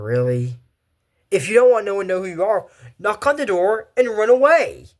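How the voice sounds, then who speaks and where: Chatty guy rambling on. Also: on the high side. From Texas. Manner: chatty, digressive, animated asides. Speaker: anime commentary host. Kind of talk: casual rambling commentary.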